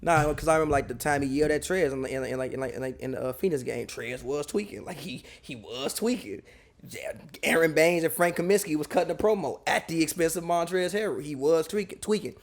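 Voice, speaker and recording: A man with a fairly high voice in relaxed sports banter. He talks in slang, repeats words and cuts in often. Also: fairly quick. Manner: slangy, repetitive, interjecting. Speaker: podcast co-host. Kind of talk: casual sports talk.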